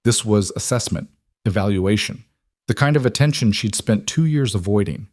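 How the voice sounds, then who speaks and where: Low-voiced man narrating a story. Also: lively intonation, normal speed, darkish tone, dry recording, clean studio sound.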